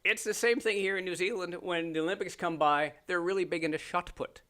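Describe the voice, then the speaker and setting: A man's voice: sits high, steady tone, brisk, pushed and bright. A middle-aged man from Canada, a podcast guest chatting casually, joking and laughing often as he tells stories. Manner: joking storyteller, laughs often, mimics voices. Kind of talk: casual chat.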